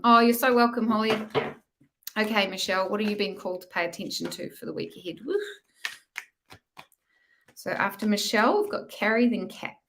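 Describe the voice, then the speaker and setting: A woman giving live tarot readings in a gentle, meandering, reflective way. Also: medium pitch, slight background noise. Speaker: tarot reader.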